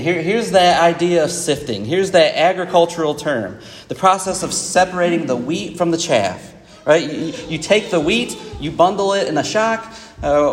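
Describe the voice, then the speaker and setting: A man preaches a sermon in a slightly raised voice. He talks through the text conversationally and repeats words as he goes. His voice rings out with a long hall reverb. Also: on the high side.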